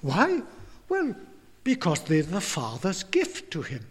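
Earnest high-voiced preacher in a reverberant hall. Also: male voice, huge pitch swings, slow, husky. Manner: earnest, repeats words while building a point. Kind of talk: sermon.

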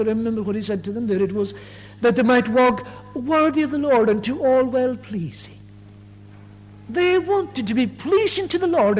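A man with a very high-pitched voice delivers an earnest sermon full of rhetorical questions. His voice rings out in a long, echoing church hall. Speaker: preacher.

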